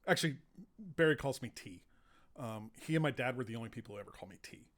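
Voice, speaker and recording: An American man hosting a podcast, telling relaxed, rambling anecdotes full of fillers. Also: mid-range voice, fast talker. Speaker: podcast host and baseball writer. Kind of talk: casual storytelling chat.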